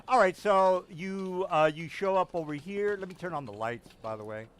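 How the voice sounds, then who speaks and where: A man's voice: sits high, moderate pace, slight background noise. Man running a tabletop game. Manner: casual, profane, many fillers. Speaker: game master.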